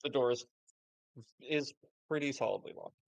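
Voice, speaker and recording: A man narrating as game master of a tabletop game over a voice call, relaxed and hesitant, with many fillers. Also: medium pitch, moderate pace, vocal fry, low-quality recording.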